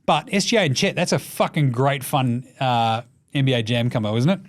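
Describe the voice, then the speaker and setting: An Australian man hosting a basketball show, talking in a casual, profane and mocking way, getting loud when he rants. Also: a little fast. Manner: gets loud and high when ranting. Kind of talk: casual sports commentary rant.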